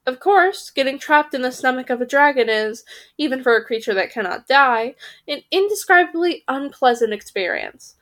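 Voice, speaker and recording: A woman with a slightly high voice reads a storybook aloud for her podcast. She keeps the telling lively and now and then trips over a word, corrects it and goes on. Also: normal speed. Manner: lively, occasionally stumbling and correcting herself. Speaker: podcast reader.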